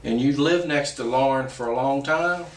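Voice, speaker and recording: Male southern-accented detective, calm interview questions; distant mic, echoey room, light hiss. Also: mid-range voice, normal speed. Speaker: police detective. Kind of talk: police interview.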